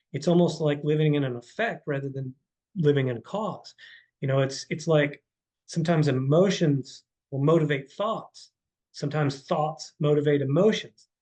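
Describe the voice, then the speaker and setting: Rambling, easygoing man with a higher voice. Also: a little mellow, low-quality recording. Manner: rambling, repeats words, says "man" and "dude". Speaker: podcast guest, horse trainer and life coach. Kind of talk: casual podcast conversation.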